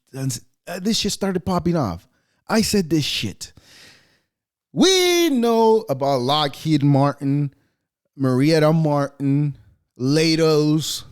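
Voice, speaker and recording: A man hosting a podcast, going off in a sarcastic, rambling, profane monologue. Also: fairly high pitch. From United States. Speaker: podcast host. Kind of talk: casual opinionated monologue.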